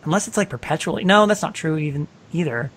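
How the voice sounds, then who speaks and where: A woman's voice: deep voice, lively intonation, fast. A woman co-hosting a casual movie discussion, chatty, laughing often and acting out characters' lines. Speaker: podcast co-host.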